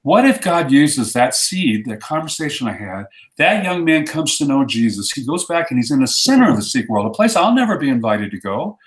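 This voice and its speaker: A man's voice: medium pitch, big pitch swings, fairly quick, few pauses, echoey room. A man in a casual chat who tells his stories with conviction and acts out the quotes. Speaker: ministry guest.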